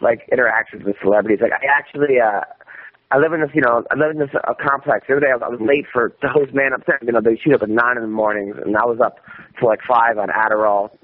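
A man telling a rambling, animated story in casual conversation, swearing often and restarting his sentences. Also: medium pitch, quick pace. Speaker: guest comedian. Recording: dull radio-style audio with faint noise.

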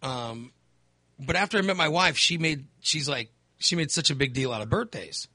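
A man's voice: on the high side, expressive, normal speed, sharp tone, no echo. A man in his fifties, hosting and telling a candid, rambling story in casual chat. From Texas. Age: 50s. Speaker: host.

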